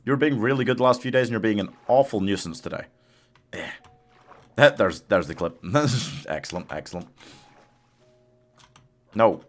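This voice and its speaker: A man's voice: fairly low pitch, normal speed, long pauses, faint music behind. A man streaming a game live, chatting casually with his chat, laughing often and coaxing his companion along. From United Kingdom.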